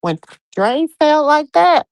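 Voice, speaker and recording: Middle-aged woman co-host, chatty storyteller, lively swooping pitch, dry close sound. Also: takes it slowly, no room sound. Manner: animated storyteller, acts out quotes. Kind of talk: casual late-night chat.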